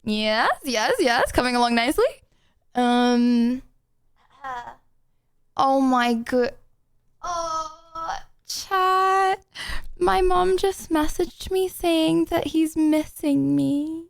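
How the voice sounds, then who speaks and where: Bubbly woman streamer with a high voice, rambling chat, dry close sound. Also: extremely slow, vocal fry, dry recording. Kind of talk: casual live-stream chatter.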